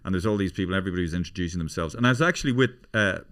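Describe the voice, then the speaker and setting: A man's voice: sits low, expressive, very fast, fairly bright tone. A middle-aged Irish man hosting a podcast, chatting casually and rambling through comic stories. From Ireland. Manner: rambling, slips into put-on voices for anecdotes. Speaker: podcast host. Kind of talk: casual comedic chat.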